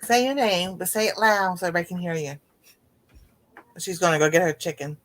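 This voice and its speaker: A woman co-hosting a casual live chat, giggly and quick to react to what is said. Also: fairly low pitch, slight background noise. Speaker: co-host; mother.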